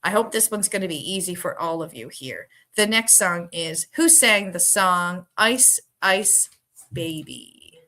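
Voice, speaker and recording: A woman with a bright, forward voice hosts a relaxed live trivia stream. She talks casually with her viewers, reads the answer options slowly and laughs often. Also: on the low side.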